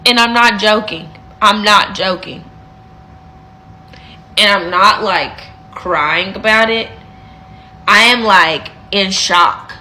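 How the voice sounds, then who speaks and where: A woman in her twenties telling a dating story in a casual storytime, animated and emphatic, repeating phrases for effect. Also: mid-range voice, slow pace, pauses often.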